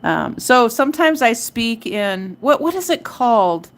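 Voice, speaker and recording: A middle-aged woman hosts a live crochet tutorial, chatting casually and counting her stitches out loud. Her voice is a little high and a little slow, with big swings in pitch.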